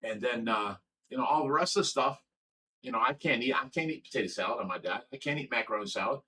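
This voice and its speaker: Blunt rambling man, bright voice. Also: medium pitch, fast. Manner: blunt, rambling, reads chat comments aloud. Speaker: livestream host. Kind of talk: casual livestream chat. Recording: from a distance with faint background noise.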